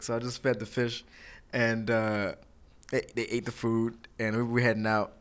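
A young man telling a funny story in a casual chat, animated, laughing often and acting out quotes. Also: medium pitch, normal speed, smooth.

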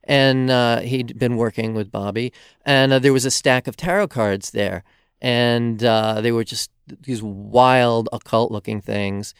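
A man who is a guest author, telling stories in a halting way full of fillers. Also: mid-range voice, smooth, no echo, clean studio sound. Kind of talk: casual interview storytelling.

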